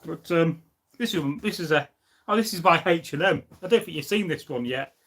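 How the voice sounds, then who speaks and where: On a casual live stream, a man rambles from thought to thought and reads out viewers' comments. His slightly high voice is bright and forceful, and he comes across as loose and opinionated, with lots of ums and a somewhat fast pace.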